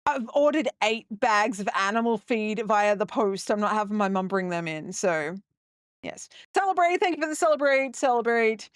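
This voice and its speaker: A woman's voice: medium pitch, normal speed, no echo, studio quality. A young woman chatting casually with her viewers during a live gameplay stream, rambling and upbeat. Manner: chatty and rambling, talking to chat.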